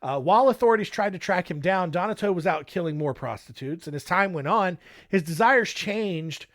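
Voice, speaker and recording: A man's voice: sits high, lively intonation, a little fast, fairly bright tone. A young man hosting a casual true-crime podcast, narrating with joking, irreverent asides. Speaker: podcast host.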